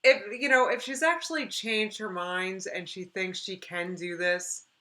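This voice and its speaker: A woman's voice: medium pitch, fairly even intonation, measured pace, bright, forceful tone. A woman commenting casually on a video during a live stream, chatty and supportive. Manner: chatty, supportive, apologetic asides.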